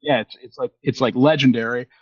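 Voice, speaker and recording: A man's voice: medium pitch, fairly even intonation, fairly quick, no echo, lo-fi sound. A man in his fifties co-hosting a podcast, telling a long story in casual chat, rambling with many fillers and restarts and acting out the lines of the people he quotes. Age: 50s. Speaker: podcast co-host.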